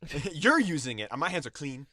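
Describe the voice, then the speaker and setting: A man's voice: a little high, big pitch swings, a little fast, a crowd in the background. A man co-hosting a casual podcast over a video call, grumbling with wry remarks. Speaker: podcast co-host.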